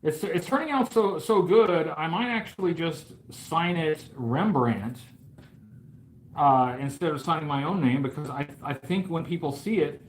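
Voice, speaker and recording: This toy review channel host, voice a little high, takes his time as he chats on a live stream while drawing. The recording is rough, and he rambles with many fillers, cracking mock-grand, boastful jokes.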